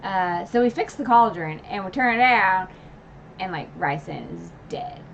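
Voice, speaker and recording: A woman book-channel streamer chattily recaps a novel's final chapters on a casual livestream, with constant filler words, retelling scenes with emotional asides and laughs. Her mid-range voice is gravelly and a little slow, with huge pitch swings. The stream audio sounds dull and lo-fi, with slight background noise.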